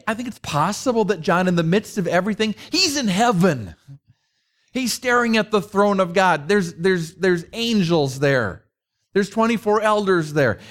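A middle-aged man preaching a conversational sermon, mixing rhetorical questions with personal stories. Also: sits high. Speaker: pastor.

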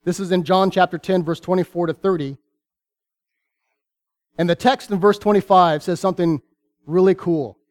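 A man preaching a sermon, reading scripture aloud with earnest, deliberate pauses. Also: high voice, fairly even intonation, a little mellow.

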